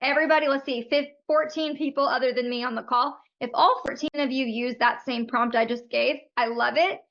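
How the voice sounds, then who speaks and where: A woman's voice: high voice, steady tone, a little fast, fairly bright tone, lo-fi sound. A woman coaching photographers on a live video call, talking in a friendly, frank and chatty way.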